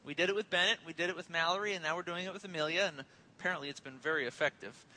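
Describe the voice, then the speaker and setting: A man's voice: a little high, racing, bright, forceful tone, slight background noise, low-quality recording. A man in his thirties preaching a sermon as a pastor, conversational and joking, telling family stories.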